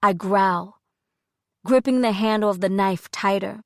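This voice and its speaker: A woman narrating a thriller audiobook in the first person, steady and measured, on a close studio mic. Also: mid-range voice, no echo.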